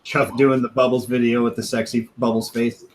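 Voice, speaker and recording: A man's voice: medium pitch, little pitch movement, brisk, poor audio. A man on a podcast casually telling a long profane story, laughing now and then and acting out what others said. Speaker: podcast host.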